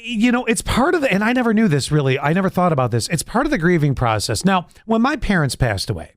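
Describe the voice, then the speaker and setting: Middle-aged male podcast co-host, rambling and candid, animated pitch, dry close mic. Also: fast, no room sound. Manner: candid, rambling storyteller with restarts and sudden pitch jumps. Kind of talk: casual chat.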